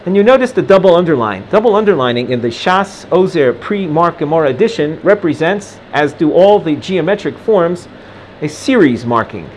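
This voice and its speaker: Talmud teacher, male, Ashkenazi Hebrew reading, fairly high voice, faint room hum behind. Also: expressive, moderate pace. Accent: Ashkenazi Hebrew pronunciation. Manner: reads Aramaic text then translates, with frequent restarts. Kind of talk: recorded Gemara lesson.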